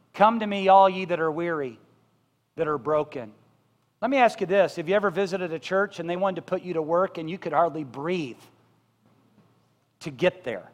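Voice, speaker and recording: A male pastor preaching a passionate sermon, building to loud emphatic peaks. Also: sits high. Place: church sanctuary. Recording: reverberant church hall.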